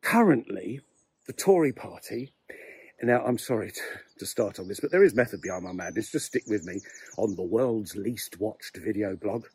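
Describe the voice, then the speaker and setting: An English man in his sixties, out of breath from a brisk walk, rambling wryly and chattily through a vlog while strolling outdoors in a cemetery. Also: lowish voice, expressive, a little mellow, husky, no echo. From England. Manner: chatty, wry and self-mocking. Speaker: vlogger.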